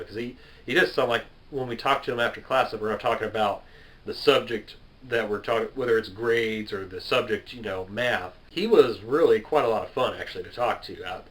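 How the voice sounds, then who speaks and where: A man's voice: lowish voice, a bit bright, low-quality recording. A man in his twenties, a gaming video creator, answering viewer questions in a loose, rambling way and laughing at himself. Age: 20s. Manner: chatty, self-deprecating, laughs at himself and drifts off topic. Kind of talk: casual rambling Q&A to camera.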